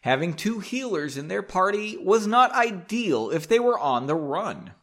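Male podcast host reading his own novel casually; self-mocking, profane asides; animated and a touch high. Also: unhurried. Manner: joking, self-deprecating, swears often. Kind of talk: casual book reading with tangents. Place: home basement.

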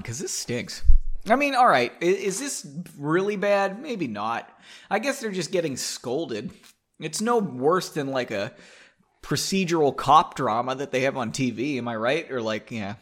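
A man's voice: fairly high pitch, sing-song, normal speed, fairly bright tone. A man reading a story aloud casually, breaking off into playful, self-mocking asides. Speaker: story reader.

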